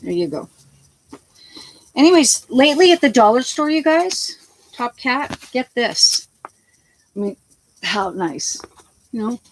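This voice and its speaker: A woman's voice: fairly high pitch, very animated, slow pace, long pauses, a little hiss or hum, low-quality recording. A woman vlogging from her home, rambling in a blunt, chatty way and swearing freely as she jumps between topics. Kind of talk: rambling casual home vlog. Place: at home, talking to the camera.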